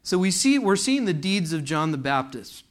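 A man's voice: on the high side, big pitch swings, normal speed. A man preaching a sermon to a congregation in a church, fervent and asking the room questions. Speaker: pastor.

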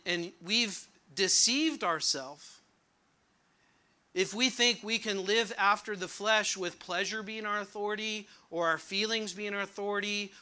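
A man's voice: high voice, sharp tone, clean tone. A man preaching a sermon, asking the congregation questions and repeating words for emphasis. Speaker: pastor.

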